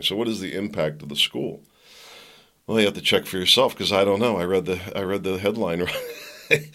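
A man's voice: sits low, gravelly, fairly bright tone. A man hosting his own podcast, giving casual solo commentary full of sarcastic asides and jokes. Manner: sarcastic, jokey, talks in asides. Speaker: podcast host.

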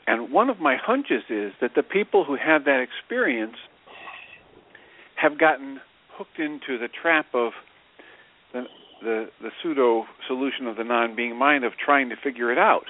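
A man's voice: mid-range voice, animated, unhurried. A man co-hosting a radio show, explaining his ideas in a reflective, casual way. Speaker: radio co-host. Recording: tinny phone-line radio audio.

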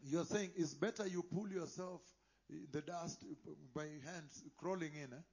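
A man preaching a sermon, moving between quiet asides and loud impassioned declarations. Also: on the high side, unhurried, dull audio.

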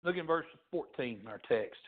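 A man preaching a fiery sermon as pastor, swinging from shouts to low, quiet lines. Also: expressive, normal speed. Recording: tinny phone-like sound.

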